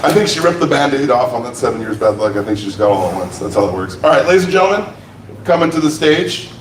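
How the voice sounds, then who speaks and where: A man's voice: medium pitch, lively intonation, fast talker, slight background noise. A man hosting a comedy show, introducing acts with upbeat patter. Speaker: host. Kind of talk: emcee introductions. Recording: echoey room from far off, crowd.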